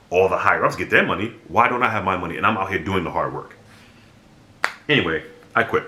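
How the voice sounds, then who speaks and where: A young man talking straight to his viewers, telling a story in a blunt, animated way and swearing freely. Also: deep voice, fast talker, pauses often. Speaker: vlogger. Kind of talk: casual storytelling monologue. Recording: echoey room.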